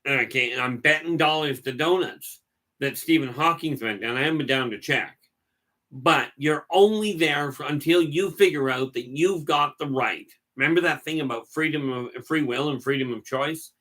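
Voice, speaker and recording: Folksy rambling man, bright voice. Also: medium pitch, moderate pace. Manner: folksy, digressive, repeats words while talking. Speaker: livestream host. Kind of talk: rambling casual storytelling.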